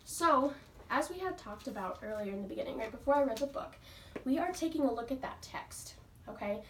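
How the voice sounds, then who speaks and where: A woman's voice: high voice, expressive, fairly quick, slight background noise. A woman teacher reading a book aloud to her class and stopping patiently to ask the pupils questions. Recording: roomy, from far off.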